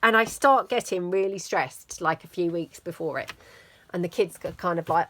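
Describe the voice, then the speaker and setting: Middle-aged woman, crafting vlogger, low-ish voice, meandering chatty delivery. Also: brisk, fairly bright tone. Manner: rambling and self-deprecating, lots of fillers. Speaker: crafting channel host. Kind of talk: casual chatty vlog.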